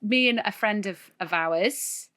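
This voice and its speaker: A woman co-hosting a podcast, telling a funny story in casual chat, animated and often laughing. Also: medium pitch, slow, slight background noise. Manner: animated, laughing, tells stories with voiced asides. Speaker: podcast co-host.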